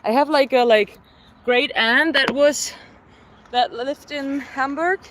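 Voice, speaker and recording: A fairly high-pitched woman talks casually while working out in the open air. She reads out viewer comments, answers them, and counts her reps. Faint traffic hums in the background. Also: takes it slowly. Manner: chatty, reads viewer comments aloud between sets; counts exercise reps, winded. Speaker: fitness vlogger. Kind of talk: casual live-stream workout chat. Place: outdoors in a city. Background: faint traffic and street noise.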